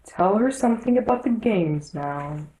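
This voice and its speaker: A woman's voice: medium pitch, expressive, a little slow, mellow, echoey room, lightly acted, rough recording. A woman voicing a blunt, impatient male Gryphon in a storybook reading, in a voice close to her own.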